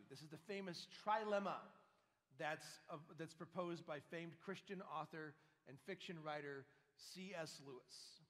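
A man's voice: on the high side, fairly bright tone. A priest giving a sermon to his congregation in a church, speaking with emphasis and asking them rhetorical questions. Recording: long church reverb.

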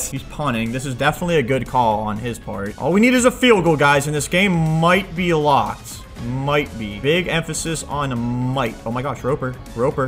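A young man giving live commentary on his own football video game, excitable, yelling at plays and trash-talking. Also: mid-range voice, normal speed, over music. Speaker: gaming YouTuber.

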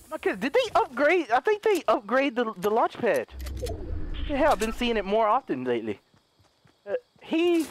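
A man commentating his own video game play, jokey and excitable, dropping to hushed mutters and then bursting into loud yells. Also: very high-pitched, moderate pace, slight background noise. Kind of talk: live gameplay commentary.

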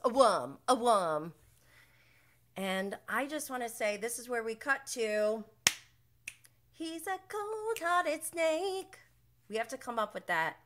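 A woman's voice: mid-range voice, pushed and bright. A young woman hosting a casual reality TV recap, chatty and opinionated with lots of filler words and laughing asides.

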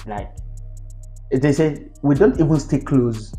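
Animated Nigerian man telling a story. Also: slow pace, faint music behind. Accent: Nigerian English. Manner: animated and exasperated, pitch jumping up on exclamations. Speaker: vlogger. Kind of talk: storytime monologue to camera.

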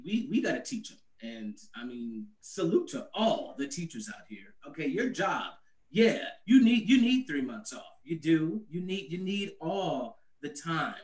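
High-voiced man doing stand-up in an echoey room. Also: recorded from a distance. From US Northeast. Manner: conversational, animated, laughs at own jokes. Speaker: stand-up comedian. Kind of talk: stand-up comedy set about parenting. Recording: echoey room, away from the mic.

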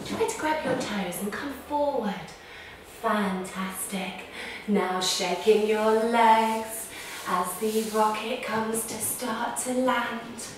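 A woman with a fairly high voice guides a children's story-time yoga session at a slow pace, gasping and making playful beeping sounds. A distant mic in an echoey room captures her with slight background noise.

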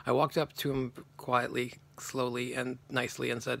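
A man rambles through a personal anecdote in a gravelly voice with a bright, forward edge. He restarts and corrects himself often, circling back as he goes. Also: mid-range voice, little pitch movement, moderate pace. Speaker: channel host telling a personal story.

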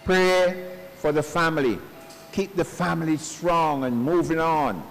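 A male pastor giving a funeral sermon in earnest, slow preaching sprinkled with homespun stories, recorded at a church service. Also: on the high side, a bit bright, soft background music. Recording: long church reverb.

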